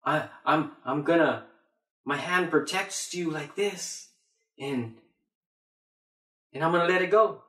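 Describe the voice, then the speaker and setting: A man voicing God as a stern, patient king who speaks calmly and solemnly, in a roomy echo. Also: a little high, slow pace, long pauses.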